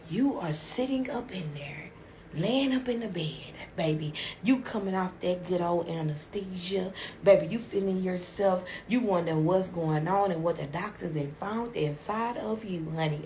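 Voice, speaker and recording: A woman's voice: medium pitch, darkish tone, slight background noise. A woman telling a dramatic story in a chatty, casual way. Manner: dramatic, chatty, sprinkles endearments. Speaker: storytime video host.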